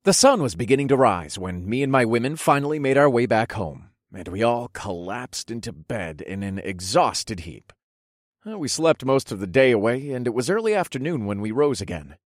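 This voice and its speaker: A man narrating a first-person fantasy audiobook with expressive storytelling, softening for intimate moments. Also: mid-range voice, no echo, clean studio sound.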